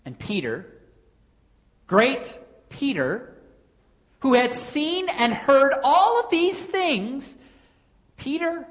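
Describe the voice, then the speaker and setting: A woman preaching a sermon in an earnest way, posing rhetorical questions with dramatic pauses. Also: sits high, very animated.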